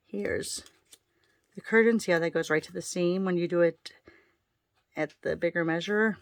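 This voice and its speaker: Gravelly low-voiced woman demonstrating crafts. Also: moderate pace, no echo. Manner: chatty, talking herself through each step. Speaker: card-making demonstrator. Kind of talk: casual crafting tutorial.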